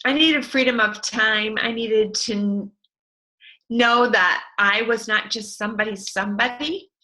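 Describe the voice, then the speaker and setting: A middle-aged woman speaking as an interview guest, telling her business story with passionate, animated enthusiasm. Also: on the high side, measured pace, low-quality recording. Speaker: network marketing distributor, guest. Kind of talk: enthusiastic motivational interview talk.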